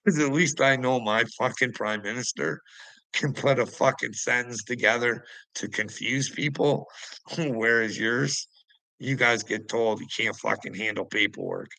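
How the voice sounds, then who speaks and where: Taunting Canadian man, slow and bright. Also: mid-range voice, gravelly, no room sound, poor audio. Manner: taunting, laughs often between phrases; addresses chatters by name, mocking. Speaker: livestreamer. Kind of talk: casual livestream chat with viewers.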